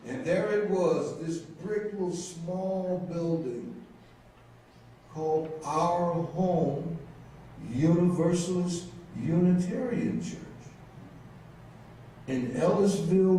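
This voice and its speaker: A man's voice: on the high side, warm tone, a little hiss or hum. A middle-aged man, from Mississippi, telling a humorous personal testimony to a congregation as an intern minister. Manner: humorous storytelling, drawn-out phrasing. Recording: echoey hall from far off.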